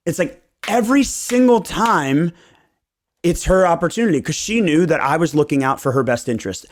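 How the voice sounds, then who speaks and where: Man, podcast host; animated, profane storyteller who mimics clients. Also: a little high, fairly quick. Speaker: real estate agent and podcast host. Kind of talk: casual podcast chat.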